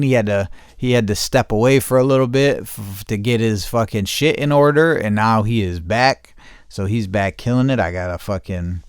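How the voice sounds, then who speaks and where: Profane rambling man, smooth dry voice. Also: on the low side, no room sound. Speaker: channel host. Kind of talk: casual shout-outs to viewers.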